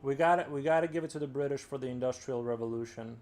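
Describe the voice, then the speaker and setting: A man's voice: medium pitch, fast talker, a little mellow. A man chatting casually on a live stream, rambling and using "like" a lot. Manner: rambling, heavy filler "like".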